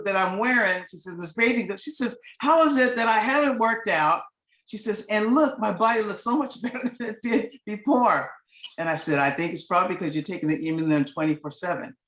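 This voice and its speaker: A middle-aged woman sharing a personal testimonial in a rambling way, restarting often and acting out the dialogue she quotes. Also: sits low. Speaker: guest giving a testimonial. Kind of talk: casual storytelling. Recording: echoey room sound.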